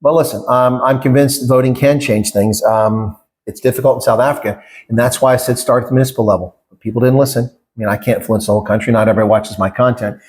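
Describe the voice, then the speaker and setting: A man's voice: medium pitch, steady tone, fast, darkish tone. A middle-aged man answering interview questions in a conversational way, emphatic and indignant, with rhetorical questions and short laughs. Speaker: interview guest, former election candidate.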